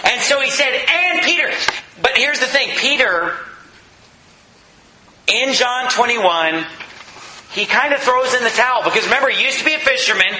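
A man's voice: extremely high pitch, lively intonation, normal speed, long pauses, sharp tone, reverberant, slight background noise, low-quality recording. A man preaching a sermon in an emphatic, conversational way, asking the listeners questions.

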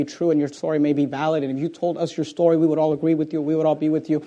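A man preaching a sermon with impassioned emphasis, swinging between loud rising declarations and quiet intensity, repeating phrases for effect. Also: on the high side, steady tone, racing, dull audio. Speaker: pastor.

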